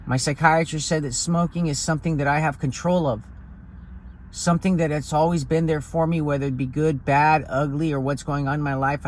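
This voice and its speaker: A man's voice: a little high, a little hiss or hum. A man talking in a blunt, profane, rambling way in a casual vlog, recorded outdoors on a hill. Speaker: vlogger.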